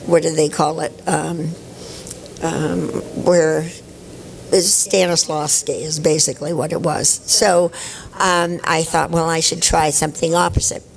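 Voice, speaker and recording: An older actress at a convention panel, telling chatty, anecdotal stories and laughing often. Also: female voice, deep voice, flat delivery, a little slow, vocal fry, a little hiss or hum, poor audio.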